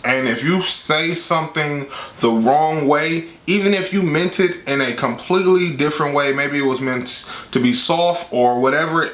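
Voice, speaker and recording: A man talking candidly about relationships in a casual advice vlog, speaking frankly to his viewers. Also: on the high side. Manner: candid, conversational, quotes with animated voice. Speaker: vlogger giving relationship advice. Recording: echoey room.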